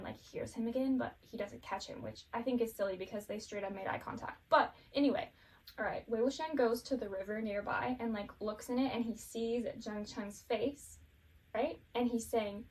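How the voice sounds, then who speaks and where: A woman's voice: fairly high pitch, a little mellow, recorded from a distance. A woman casually recapping a show, rambling and giggling, with lots of fillers.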